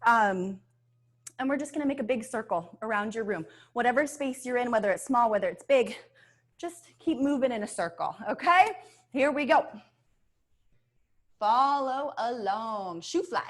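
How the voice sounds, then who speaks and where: A woman's voice: a little high, animated, normal speed. A woman teaching a dance class for children, upbeat and coaxing, sometimes singing her cues. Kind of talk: online kids' dance class instruction. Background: backing music.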